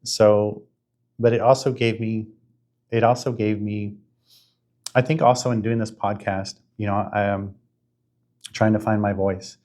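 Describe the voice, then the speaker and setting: A man in his fifties hosting a podcast, telling a spiritual story in an earnest, halting way with many restarts. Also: fairly low pitch, little pitch movement, darkish tone. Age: 50s. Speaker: podcast host.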